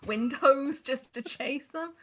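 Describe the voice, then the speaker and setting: Giggly woman co-streamer, slightly high voice, eager storyteller. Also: slow, a bit bright. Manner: giggly, retells film scenes eagerly. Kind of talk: casual chat.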